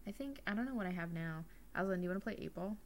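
A young woman co-hosting a podcast, telling stories in a giggly, animated way, swearing now and then. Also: on the low side, racing. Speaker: podcast co-host. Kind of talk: casual chat.

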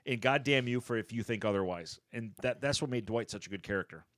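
A man co-hosting a casual podcast chat, retelling favorite comedy scenes and acting out the characters' lines with big pitch jumps and laughs. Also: fast talker, no room sound. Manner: animated, acts out quotes with pitch jumps and laughs. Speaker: podcast co-host. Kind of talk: casual chat, ranking favorite sitcom moments.

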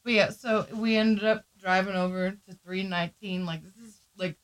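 A woman's voice: mid-range voice, steady tone, normal speed, rough recording. A woman with a Southern US accent telling a story on a casual podcast, acting out the people in it. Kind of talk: casual chat.

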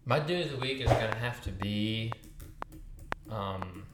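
A man's voice: on the low side, unhurried. Laid-back young man in an echoey room. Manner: laid-back, upbeat slang talker. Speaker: podcast co-host. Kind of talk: casual chat. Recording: echoey room with background noise.

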